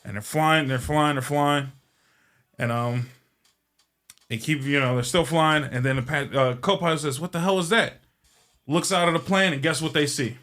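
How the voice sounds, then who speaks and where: Bright-voiced man rambling through a joke. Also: on the high side, moderate pace. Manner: rambling, profane, joke-telling. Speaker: podcast host. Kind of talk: casual storytelling.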